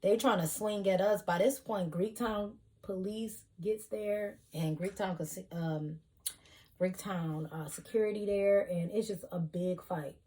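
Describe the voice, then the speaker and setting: A young woman telling a heated storytime vlog, animated, with loud bursts. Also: mid-range voice, measured pace. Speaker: vlogger.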